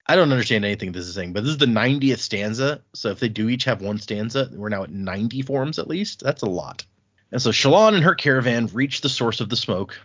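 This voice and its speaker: A man co-hosting a podcast, casually recapping book chapters and paraphrasing the characters' lines in an animated way. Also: medium pitch, quick pace, lo-fi sound. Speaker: podcast co-host.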